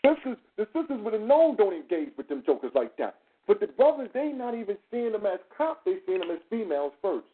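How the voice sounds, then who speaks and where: High-voiced man on a tinny radio line. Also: a little fast. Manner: animated, profane, acts out dialogue. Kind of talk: casual radio talk, storytelling.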